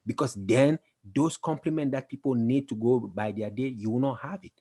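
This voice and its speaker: A man's voice: mid-range voice, moderate pace, warm tone, slightly rough. A man giving an emphatic, repetitive motivational talk, building to intense passages. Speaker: motivational speaker.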